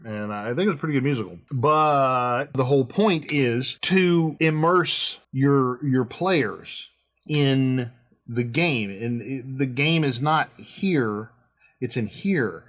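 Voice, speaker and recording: A man's voice: medium pitch, a little slow, fairly bright tone. A middle-aged man hosting a casual chat, rambling and emphatic with lots of fillers. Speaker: host.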